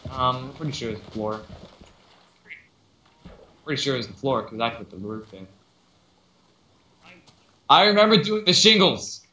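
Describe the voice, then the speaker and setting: Man, bright forceful voice, plain-spoken, insistent, casual gaming chat, echoey room. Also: medium pitch, expressive, normal speed, long pauses, highs cut off, slight background noise. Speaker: game player. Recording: roomy echo.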